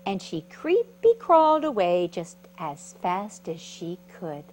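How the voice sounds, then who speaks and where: A woman's voice: lowish voice, takes it slowly, few pauses, poor audio. A woman reading a picture book aloud to children at storytime, asking her young listeners questions as she goes. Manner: animated, asks the listeners questions.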